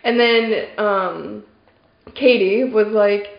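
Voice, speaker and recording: A woman's voice: mid-range voice, moderate pace. A young woman telling a story in a casual group chat, acting out what people said and filling her talk with "like". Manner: animated storyteller, acts out quotes, many "like"s. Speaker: dog trainer on team podcast. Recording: echoey room, dull lo-fi sound.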